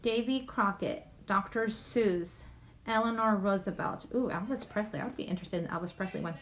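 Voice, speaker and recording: Reading names aloud during a casual YouTube livestream at home, a woman speaks at a moderate pace in a mid-range voice with a fairly bright tone. She keeps apologizing for mispronunciations, and a little hiss or hum runs underneath.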